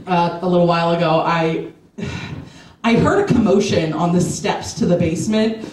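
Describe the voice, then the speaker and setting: A woman's voice: on the low side, normal speed, a little mellow, distant mic, slight background noise. Self-mocking woman comic, echoey club. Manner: self-mocking, laughing at own lines. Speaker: stand-up comedian. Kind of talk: stand-up comedy set.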